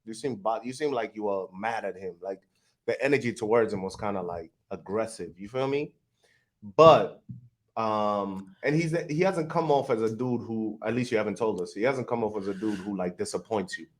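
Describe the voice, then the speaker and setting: A man's voice: fairly low pitch, normal speed. A man hosting a podcast, talking casually and giving blunt, direct advice. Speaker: podcast host. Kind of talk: casual chat.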